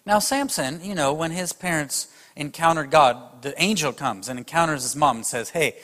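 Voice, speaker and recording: A man's voice: a little high, moderate pace, fairly bright tone, in a large hall. A man preaching a sermon, emphatic and speaking straight to his audience. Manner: emphatic, addresses the audience directly.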